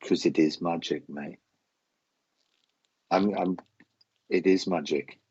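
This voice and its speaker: A man giving live psychic readings on a stream, talking haltingly, repeating phrases and getting emotional. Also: deep voice, steady tone, mellow, husky, highs cut off. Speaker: psychic medium host.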